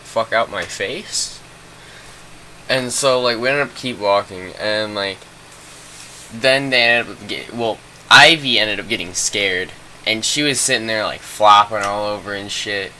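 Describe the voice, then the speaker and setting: A man's voice: lowish voice, a little slow, pushed and bright, slight background noise. A young man telling a rambling, profane story in a casual storytime vlog, full of fillers.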